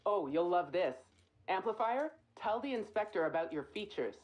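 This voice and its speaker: A woman's voice: on the low side, lively intonation, normal speed, dull audio, lightly acted. A woman voicing a haughty, amused inventor in a video game, speaking in a theatrical, dryly superior way.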